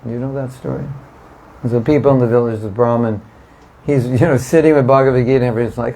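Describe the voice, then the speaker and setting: Gravelly-voiced man giving a devotional talk. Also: medium pitch, a little fast, darkish tone, low-quality recording. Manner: conversational, asks the audience questions, emphatic repetition. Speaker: spiritual teacher giving a class. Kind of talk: informal devotional lecture.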